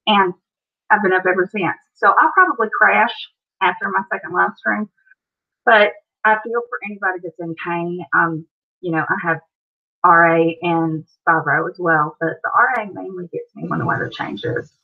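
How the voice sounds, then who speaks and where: A woman's voice: on the low side, steady tone, normal speed, phone-quality sound. A woman with an Appalachian American accent hosting a casual live stream, chatting and answering viewer comments.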